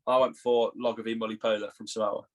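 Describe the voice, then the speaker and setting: A young English man co-hosting a podcast in casual, teasing banter, quick to laugh at his own jokes. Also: on the low side, flat delivery. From England. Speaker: podcast co-host.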